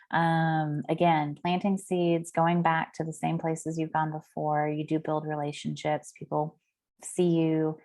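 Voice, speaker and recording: Woman team leader, fairly low voice, rambles chattily with fillers, heard over a video call. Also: creaky, a little mellow. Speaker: team leader hosting a meeting. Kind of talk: casual chat.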